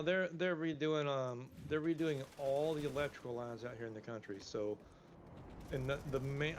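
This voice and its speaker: A man with an ordinary mid-range voice chats on his phone from his rural home, complaining and restarting his sentences often. Loud game gunfire rattles behind him. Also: medium pitch, background noise. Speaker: gaming buddy. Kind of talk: casual gaming chat.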